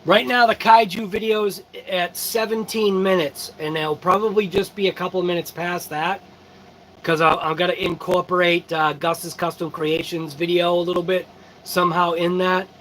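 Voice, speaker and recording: Tired male host, high-pitched, easygoing live-chat delivery, faint background noise. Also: fairly even intonation, moderate pace, a bit bright, poor audio. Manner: tired, yawning, laid-back and chatty. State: sleepy. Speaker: RC channel host. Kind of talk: casual live-stream chat.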